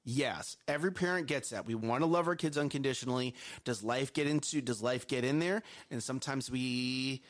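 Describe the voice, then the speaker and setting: A man's voice: medium pitch, a little fast, hardly any pauses. A man in his thirties co-hosting a live parenting chat, talking casually and acting out little scenes. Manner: animated, acts out scenes in quoted voices. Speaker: co-host of a live parenting show.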